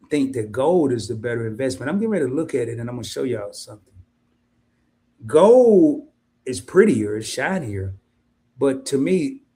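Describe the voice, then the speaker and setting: Animated, slangy man hosting a livestream. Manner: animated, colloquial, addresses viewers as y'all; mimics worried investors in high voice. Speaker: investing livestream host. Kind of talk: casual livestream chat.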